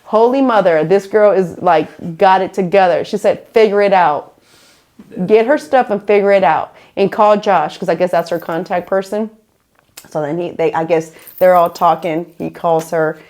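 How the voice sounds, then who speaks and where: A woman's voice: lowish voice, moderate pace. A woman podcast host telling a story in casual chat, acting out the people she quotes. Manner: animated, acts out quoted people.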